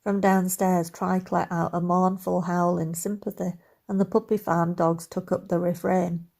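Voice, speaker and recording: Gravelly, low-voiced woman narrator. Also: flat delivery, unhurried, darkish tone. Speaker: audiobook narrator. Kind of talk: audiobook narration of a romantic comedy.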